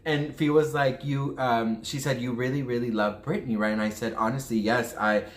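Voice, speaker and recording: A man's voice: medium pitch, steady tone, moderate pace. A man telling a personal story to camera in a casual vlog, rambling and heartfelt, often restarting his sentences. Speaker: vlogger. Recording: echoey room.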